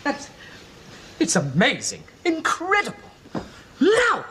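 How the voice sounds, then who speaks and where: An actor playing a fussy, effusive amateur theatre director who stammers and repeats himself. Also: male voice, extremely high pitch, wildly swooping pitch, slow, full character voice. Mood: gushing. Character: fussy, gushing male amateur stage director. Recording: noisy old television sitcom recording.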